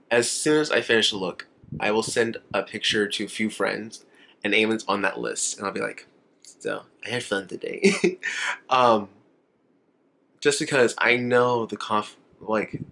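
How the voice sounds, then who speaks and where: A man's voice: medium pitch, a bit bright. A young man talks straight to his camera in a casual makeup vlog. He rambles freely, gets emotional and laughs often, in an ordinary mid-range voice. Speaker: makeup vlogger.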